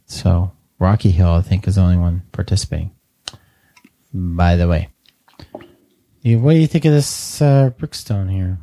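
A man hosting a podcast in casual chat, relaxed and chatty, often laughing. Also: sits low, normal speed, long pauses. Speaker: podcast host.

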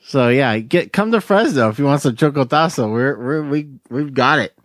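Laid-back podcast host, dry sound. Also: male voice, medium pitch, animated, moderate pace, a bit bright, no room sound. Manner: laid-back, laughs easily, slangy. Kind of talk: casual podcast banter.

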